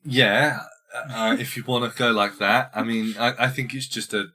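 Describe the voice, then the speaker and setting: A man's voice: medium pitch, fairly even intonation, moderate pace, sharp tone, a little hiss or hum. A man hosting a casual film podcast, rambling with stammered restarts and crude jokes. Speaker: podcast host.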